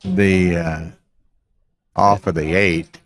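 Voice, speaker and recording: Low-voiced man, dry analytical co-commentator. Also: fairly even intonation, very slow, crowd noise. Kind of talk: live backgammon commentary.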